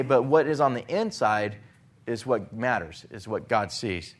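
A male preacher delivering a sermon in an earnest, steady voice of middle pitch. He swells into emphatic, raised passages when quoting scripture, then drops back to a quieter teaching tone. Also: a little slow.

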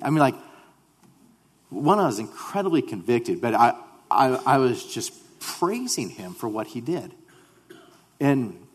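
A man's voice: medium pitch, a little slow, pauses often, breathy edge, big-room sound. A man giving an earnest personal testimony to a congregation, often stumbling and repeating words as he starts his sentences. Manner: earnest, animated storytelling. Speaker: speaker sharing a mission testimony.

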